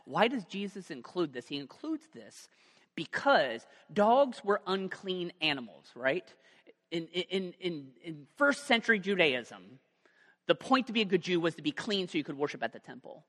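A man preaching a sermon as pastor, talking in a conversational, joking way with lively asides. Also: sits high, moderate pace, long reverb tail.

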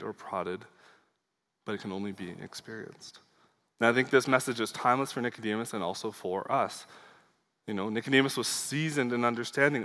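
A man's voice: medium pitch, a bit bright. A man preaching a Sunday sermon in an earnest, conversational way, with fillers and small asides. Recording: long hall reverb.

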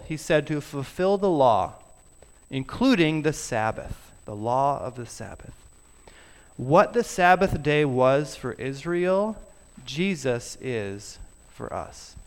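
Pastor, male, unhurried sermon delivery, smooth and clear, softens on key words. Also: on the high side, lively intonation. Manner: earnest, drops to soft emphasis on key words. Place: church sanctuary.

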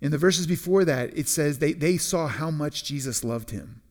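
Preaching conversationally, a pastor frequently starts over and repeats words, and slows down to emphasize important phrases. His voice is a little high, with a darkish tone.

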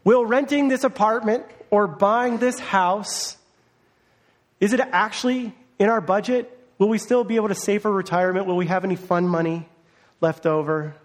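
A man's voice: sits high, fairly even intonation, moderate pace. A man, a parent, preaching a conversational sermon as a pastor, acting out the voices he quotes. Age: adult, parent of a young child.

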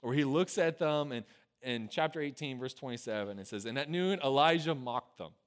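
A man preaching a casual storytelling sermon, conversational and peppered with "right?", who swings from loud acted lines to quiet, low asides. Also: brisk. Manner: conversational, with a frequent tag "right?". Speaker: pastor.

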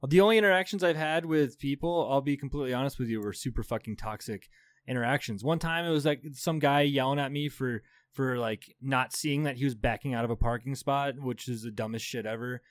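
Brisk and mid-range in pitch, this man around thirty co-hosts a podcast, swapping profane, lively stories and laughing frequently in casual conversation. The recording is dry and studio quality.

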